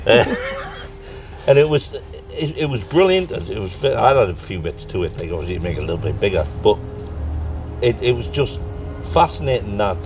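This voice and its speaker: Lively Tyneside man with a gravelly voice. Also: fairly low pitch, moderate pace, long pauses, distant mic, music in the background. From North East England. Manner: lively, laughs through his stories, acts out quotes. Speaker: guest. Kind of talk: casual storytelling chat.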